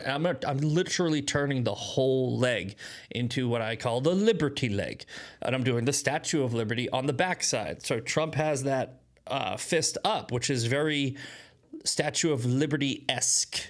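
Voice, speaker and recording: A man's voice: mid-range voice, normal speed. A man hosting a casual daily news livestream, rambling and self-mocking with lots of restarts, short on sleep and drinking coffee. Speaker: host of daily news commentary show.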